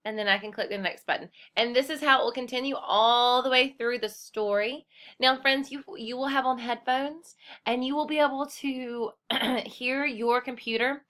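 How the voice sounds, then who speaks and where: A woman's voice: on the high side, steady tone, moderate pace, fairly bright tone. A woman teaching a kindergarten class through a screen-recorded computer lesson. She speaks in a cheerful, encouraging way and calls the children friends.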